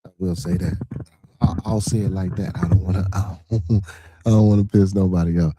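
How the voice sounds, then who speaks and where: A man's voice: low-pitched, fairly even intonation, a little fast, noisy background. A man hosting a podcast in casual livestream talk, reading viewer comments and news aloud, profane and repeating "you know what I'm saying.". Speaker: podcast host.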